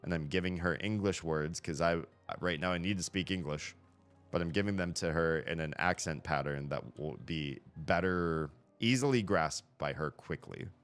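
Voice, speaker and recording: A deep-voiced man talks casually to his stream audience, thinking out loud and often restarting his sentences. His voice sits low and even, and faint music plays behind him. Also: normal speed, clear, resonant tone. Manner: rambling, thinks aloud, frequent self-corrections. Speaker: live stream host. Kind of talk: casual live-stream chat, reading chat messages. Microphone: headset.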